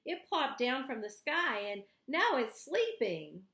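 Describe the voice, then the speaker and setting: A woman voicing a gentle, patient young man who speaks softly and reassuringly. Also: high voice, very animated, slow pace, reverberant, pitched above the performer's own voice, exaggerated voice.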